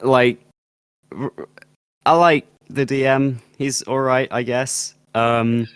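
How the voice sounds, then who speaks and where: A man's voice: medium pitch, flat delivery, slow, smooth, no room sound. A man from Britain co-hosting a casual podcast, rambling and laughing often, with plenty of sarcasm. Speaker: podcast co-host. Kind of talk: casual chat.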